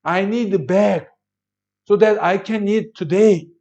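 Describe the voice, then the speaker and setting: A man's voice: high-pitched, measured pace, mellow, muffled recording, voice pushed up. A man voicing a blind beggar man who complains and doubts, in a slightly raised voice. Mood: grumbling. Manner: complaining, reluctant.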